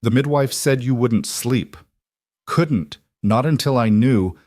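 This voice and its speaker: A man voicing a rugged, protective cowboy who speaks quietly and with restraint. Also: mid-range voice, slow, no room sound, studio quality, voice pushed up, close to an everyday voice. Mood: remorseful, tender.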